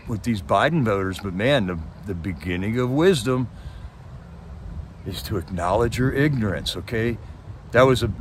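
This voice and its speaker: Male livestream host, casual impassioned ranter, mid-range voice, faint noise in the background. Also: medium pitch. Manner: impassioned, rhetorical questions, frequent "man" and "okay". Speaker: livestream host reading chat. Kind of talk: casual political rant.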